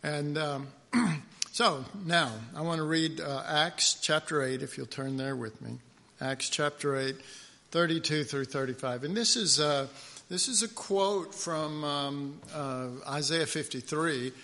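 A man preaching a conversational sermon, pausing often with fillers and restarts as he reads scripture aloud and stresses words. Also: a little high, bright, forceful tone. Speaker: pastor.

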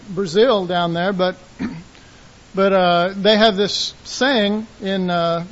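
A man preaching a sermon in a folksy, animated way, acting out quotes and shouting call-and-response lines. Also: sits high, dull audio.

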